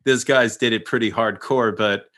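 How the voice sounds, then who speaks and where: A man's voice: medium pitch, normal speed. A man from Long Island in casual conversation, telling stories with frequent laughter. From Long Island, New York. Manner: laughs often, animated storytelling. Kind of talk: casual chat.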